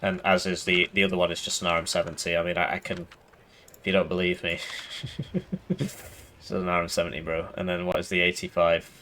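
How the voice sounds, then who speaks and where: A man giving casual game commentary, sarcastic and rambling in a deadpan way. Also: deep voice, fairly quick, pauses often, a little hiss or hum. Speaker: gaming YouTuber.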